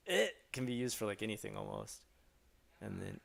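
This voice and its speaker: Gravelly joking male streamer. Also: a little slow, pauses often, slight background noise. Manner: joking, animated, mimics phrases with exaggerated pitch jumps. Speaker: streamer answering chat. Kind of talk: casual live-stream chat.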